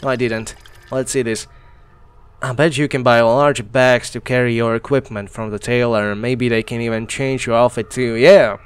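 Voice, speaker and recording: A man's voice: medium pitch, smooth. A man hosting a casual let's-play, chatting, thinking aloud and laughing often as he plays. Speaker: gaming channel host.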